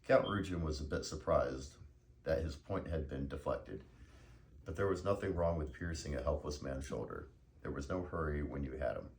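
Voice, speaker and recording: A man narrates a novel in a measured, unhurried storytelling manner. His voice is extremely low and gravelly. A faint noise sits under the recording. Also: darkish tone. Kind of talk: reading a novel aloud.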